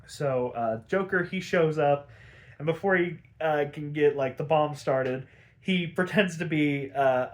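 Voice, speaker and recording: A young man casually recapping a cartoon episode, rambling, swearing often and getting worked up. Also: a little high. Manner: profane, gets worked up and exasperated; rambling with many "like" fillers. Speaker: show recap host.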